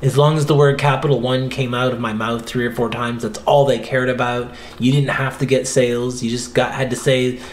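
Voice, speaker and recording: A man's voice: mid-range voice, flat delivery, a little fast, few pauses. A Canadian man chats casually on his podcast, telling stories with animation and mimicking scripts. His mid-range voice carries a noticeable room echo. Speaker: podcast host. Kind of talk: casual chat.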